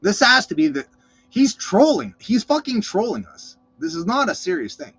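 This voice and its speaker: Rambling, swearing man with a husky voice. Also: high voice, very animated, moderate pace, a bit bright. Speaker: vlog host. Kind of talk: casual reaction commentary. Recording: lo-fi dull sound.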